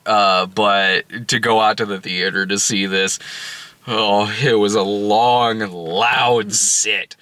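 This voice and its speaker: A man casually reviewing a film in conversation, animated and often laughing. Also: on the low side, slow pace.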